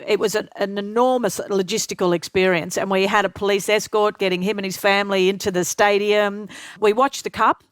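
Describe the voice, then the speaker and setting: A woman's voice: medium pitch, a little fast, clean tone, dry recording. An older woman from Australia tells her stories with gusto, slipping into the voices of the people she quotes. The sound is dry and close, with no room around it. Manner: lively anecdotes, acts out quoted voices. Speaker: interview guest. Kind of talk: storytelling interview.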